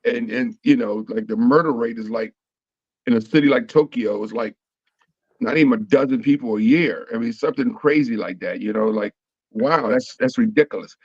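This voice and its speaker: A man's voice: mid-range voice, lively intonation, normal speed, vocal fry, dry recording, dull audio. A man, a comedian, talking casually and rambling with lots of fillers and restarts. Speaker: comedian guest. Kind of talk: casual panel chat.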